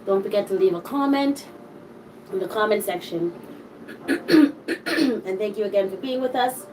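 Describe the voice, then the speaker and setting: A woman's voice: medium pitch, expressive, measured pace, a little mellow, recorded from a distance, a little hiss or hum, poor audio. A woman co-hosting a home cooking channel, chatting while eating and thanking viewers, her voice still a bit worn out from being unwell. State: voice still not fully recovered. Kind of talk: casual chat while eating.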